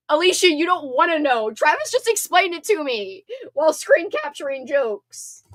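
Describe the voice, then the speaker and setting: A woman hosting a casual livestream, chatting and reading viewer comments aloud, giggly and quick to burst into laughter. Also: high-pitched, big pitch swings, a bit bright, no room sound. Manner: giggly, bursts into laughter, playful mock threats. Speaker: livestream host.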